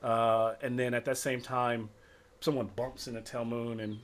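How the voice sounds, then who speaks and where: A man's voice: medium pitch, flat delivery, moderate pace, a little hiss or hum. A man narrating as game master of a tabletop game, rambling with lots of fillers.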